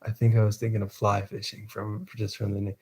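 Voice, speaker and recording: A man with a mellow, relaxed voice hosts a casual live stream, chatting to viewers and reading a novel aloud. He laughs easily and trips over longer words as he goes. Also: on the low side, a little fast, husky.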